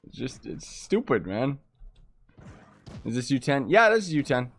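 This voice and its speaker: A man chatting casually during a live game stream, ranting in frustration and breaking into quick exclamations. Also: medium pitch, big pitch swings, slight background noise. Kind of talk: casual live-stream chat while gaming.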